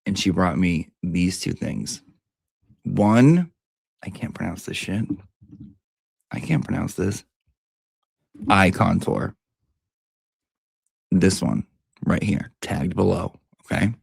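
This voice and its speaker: A man's voice: low voice, takes it slowly, vocal fry, pauses often, husky, dry recording. A man giving a brash, profane, theatrical comic review of beauty products.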